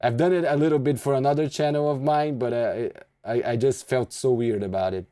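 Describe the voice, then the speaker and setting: Mellow-voiced man streaming live. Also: mid-range voice, fairly quick, smooth. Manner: chatty and self-deprecating, laughing between thoughts. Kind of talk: casual live-stream chat.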